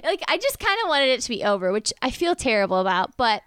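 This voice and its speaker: A woman telling a personal story in a casual chat, animated and acting out what other people said. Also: fairly high pitch, fast talker, clean tone, no echo. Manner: animated, acts out the quoted voices of others.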